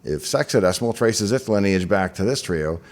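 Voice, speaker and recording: A man's voice: low-pitched, animated, moderate pace. A man hosting a scripted explainer, telling the story with enthusiasm and chatty asides. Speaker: host.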